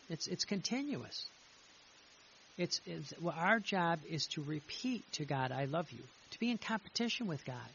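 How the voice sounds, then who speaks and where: A priest with a high voice delivers a heartfelt sermon, repeating his words and restarting sentences as he explains a reading. The recording is a little muffled, with a faint hiss underneath. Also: a bit bright. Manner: earnest, repetitive, reads passages aloud then comments with restarts. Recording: slightly dull with faint hiss.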